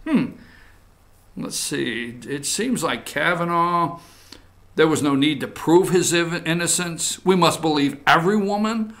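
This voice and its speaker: A man hosting casual political commentary, animated and mocking, muttering asides between loud points. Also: fairly high pitch, moderate pace. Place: studio.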